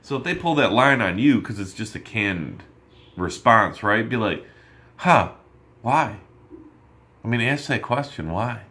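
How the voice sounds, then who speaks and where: A man coaching loan officers on sales calls, energetic and emphatic, often checking in with "right?". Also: on the low side. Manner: acts out quick exchanges in other voices. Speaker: mortgage sales trainer.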